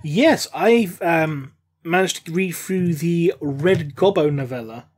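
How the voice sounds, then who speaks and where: A man co-hosting a podcast, trading jokes and banter in casual chat. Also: fairly high pitch. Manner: jokey, quick banter. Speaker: podcast co-host.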